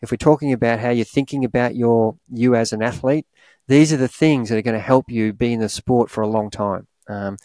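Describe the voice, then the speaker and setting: A man's voice: medium pitch, darkish tone, no echo. Encouraging Australian man, dry close sound. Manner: rambling, encouraging, many restarts and "you know". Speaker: triathlon coach, podcast co-host. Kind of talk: casual podcast advice.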